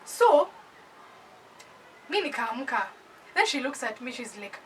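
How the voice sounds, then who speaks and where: A young woman from Kenya with a Kenyan accent, telling a personal story in an animated, casual storytime voice that mixes English with Swahili slang. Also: high voice, measured pace, far from the mic, low-quality recording.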